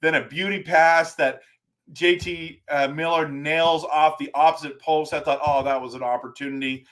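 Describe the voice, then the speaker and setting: A man hosting a live stream as a hockey fan, talking in an excitable, ranting way with frequent restarts. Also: fairly high pitch, moderate pace.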